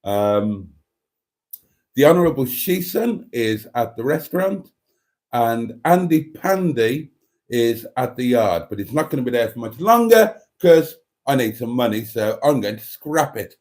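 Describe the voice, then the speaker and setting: A man's voice: medium pitch, big pitch swings, a little slow, a little mellow. A middle-aged man hosting a livestream, chatting casually and rambling through jokes and viewer comments with many fillers. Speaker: livestream host.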